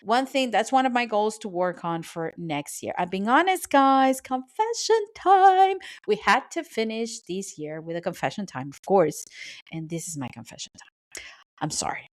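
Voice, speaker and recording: A woman's voice: fairly low pitch, lively intonation, normal speed. A woman hosting her podcast alone from a small soundproofed home office, chatty and apologetic, sometimes tripping over her words. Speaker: podcast host. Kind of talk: solo podcast monologue. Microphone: studio microphone.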